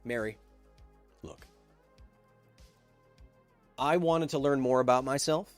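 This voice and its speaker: A man's voice: medium pitch, takes it slowly, no room sound, soft background music. A man in his thirties hosting a casual livestream podcast, chatting loosely and jokingly reading viewer messages aloud. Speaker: podcast host reading live chat.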